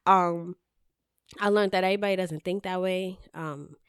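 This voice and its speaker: A woman speaking as a guest in a casual interview, candid and animated, cursing freely as she tells her stories. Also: lowish voice, normal speed, clear, resonant tone, no echo, studio quality. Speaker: podcast guest, editor-in-chief.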